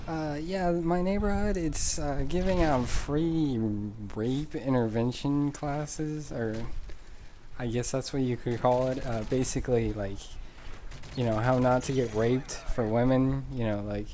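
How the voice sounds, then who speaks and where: A man's voice: mid-range voice, measured pace, a little hiss or hum. Rambling sarcastic male game commentator. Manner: rambling, sarcastic, deadpan joking. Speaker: gameplay commentator.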